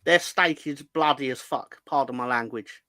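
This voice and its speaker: A man, a regular pundit on a football fan show, trading deadpan sarcastic banter. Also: mid-range voice, moderate pace, no room sound. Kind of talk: casual banter.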